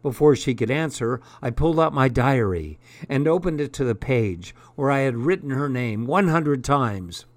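A man narrating a first-person story aloud in an unhurried, deliberate reading. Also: mid-range voice, lively intonation, no room sound. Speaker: audiobook narrator.

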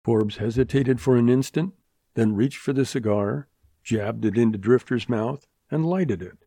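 A male narrator reading a western novel in a steady, measured way. His voice is mellow and warm, mid-pitched for a man. The recording is dry and close, with no room sound. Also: no room sound. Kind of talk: scripted audiobook narration.

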